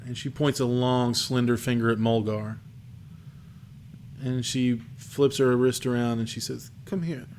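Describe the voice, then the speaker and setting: Slow-narrating man game master. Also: mid-range voice, flat delivery, darkish tone, slight background noise. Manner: descriptive, slow, with fillers.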